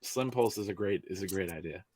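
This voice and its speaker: Low-voiced easygoing man chatting. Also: a little mellow, slight background noise. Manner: easygoing, agreeable, quick to laugh. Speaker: podcast guest. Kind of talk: casual chat.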